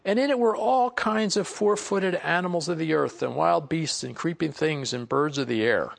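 A man preaching a Bible lesson in a relaxed, conversational way, acting out quoted lines and chuckling as he goes. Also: on the high side, normal speed, vocal fry. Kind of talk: sermon.

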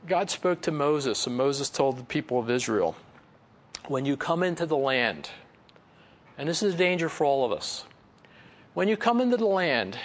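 Gravelly conversational male preacher. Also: fairly high pitch. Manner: conversational, frequent "you know" fillers. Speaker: pastor. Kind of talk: sermon.

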